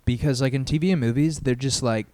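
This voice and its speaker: A man's voice: mid-range voice, fast talker, warm tone, no room sound. A young man co-hosting a podcast, chatting in a laid-back way with lots of fillers. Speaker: podcast co-host. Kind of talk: casual comedic chat.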